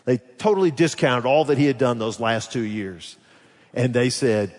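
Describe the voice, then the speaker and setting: A man preaching a sermon as pastor, animated, swinging between loud rises and quiet drops as he voices the people's complaints. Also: mid-range voice, moderate pace. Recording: long hall reverb.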